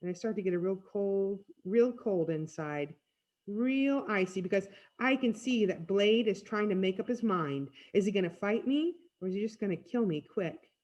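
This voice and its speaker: A woman reading a storybook aloud in first person, with expressive storytelling. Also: mid-range voice, moderate pace. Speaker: reader. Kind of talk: read-aloud storybook narration.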